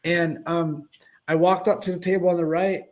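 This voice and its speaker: A middle-aged man telling a casual story in an animated way, acting out the voices of the people in it. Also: on the high side, normal speed. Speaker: host, product owner.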